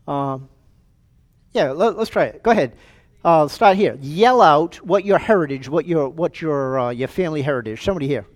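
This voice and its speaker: A male pastor with a fairly high voice preaches a sermon. He talks with animated energy, repeats words as he builds his points, and calls out to the congregation. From United States. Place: church sanctuary.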